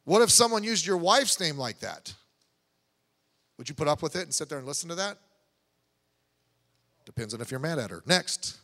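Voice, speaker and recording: High, bright-voiced preacher in a reverberant church. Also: male voice, sing-song, normal speed, long pauses. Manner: conversational preaching with asides and restarts. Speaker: pastor. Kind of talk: sermon. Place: church sanctuary. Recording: long church hall reverb.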